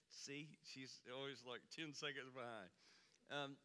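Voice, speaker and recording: A man's voice: in a large hall, a little hiss or hum. A man preaching a sermon, a folksy storyteller who swings his voice up and down for emphasis. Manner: folksy storyteller, animated swings in pitch and volume. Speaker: pastor. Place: church sanctuary.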